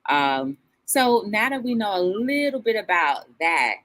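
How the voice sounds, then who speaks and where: A woman's voice: medium pitch, very animated, a little slow, a bit bright, dry recording, rough recording. A woman hosting a casual talk show, reading viewer comments aloud and asking her guest questions.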